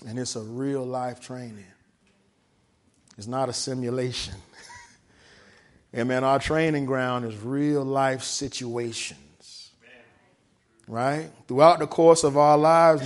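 A man preaching a sermon. He reads from a text and explains it, and he often stops to ask "right?" His voice swings from hushed to loud, and he draws out the key words. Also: mid-range voice.

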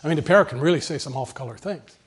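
A man's voice: fairly high pitch, racing, husky. A man voicing a frustrated preacher complaining to his congregation about his foul-mouthed parrot. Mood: exasperated.

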